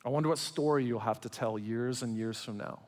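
A man preaching a sermon as pastor, swinging between loud emphatic passages and quiet, intimate ones. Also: mid-range voice, a little fast. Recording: long hall reverb.

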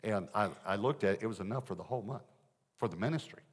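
Low-voiced preacher telling a story. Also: male voice, fast, husky. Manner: animated, swings from loud to hushed. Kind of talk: storytelling sermon. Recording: echoey hall.

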